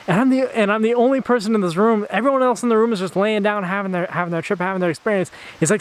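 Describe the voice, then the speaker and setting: A young man telling a story in a casual, animated way, acting out the quotes and laughing often. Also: high-pitched, racing, hardly any pauses. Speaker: vlogger.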